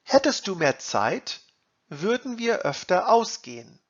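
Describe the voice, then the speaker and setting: A man teaching German grammar, reading example sentences and translating them in a slow, deliberate lesson. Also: sits high, big pitch swings, muffled recording.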